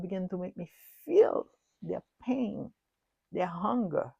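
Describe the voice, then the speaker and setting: A middle-aged woman preaching a prophetic message in a low, gravelly, mellow voice, recorded dry and close. Her delivery is earnest and repetitive, lurching between loud declarations and hushed words. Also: normal speed, no echo. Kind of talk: prophetic sermon recounting a dream.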